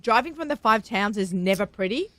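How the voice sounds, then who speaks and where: A woman hosting a radio food show in a studio, bubbly and excitable, laughing often. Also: mid-range voice, fairly quick, dry recording. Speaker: host.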